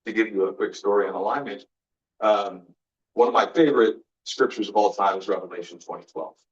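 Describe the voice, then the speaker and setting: Speaking a little fast in a low voice, a man gives an earnest faith-based motivational talk as guest speaker. He tells personal stories and acts out the exchanges in them, and the recording comes across as roomy, distant and dull.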